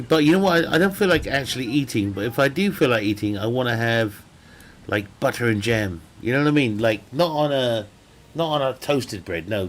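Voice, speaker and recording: A young man chatting casually while streaming a game, rambling and joking with frequent laughter. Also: mid-range voice. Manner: rambling, jokey, laughs often. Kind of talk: casual chat while gaming.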